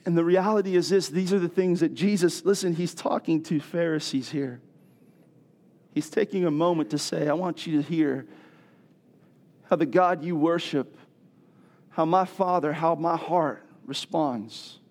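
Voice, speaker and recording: A middle-aged man preaching a sermon as pastor, animated and building to loud rhetorical questions. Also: on the high side, a little slow.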